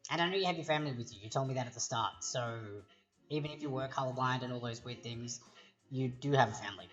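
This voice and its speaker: A woman's voice: a bass voice, fast talker. A woman hosting a live trivia stream, reading out multiple-choice questions twice and wandering into chatty, rambling asides. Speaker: trivia quiz host. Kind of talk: casual livestream chat reading quiz questions. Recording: lo-fi stream audio with background music.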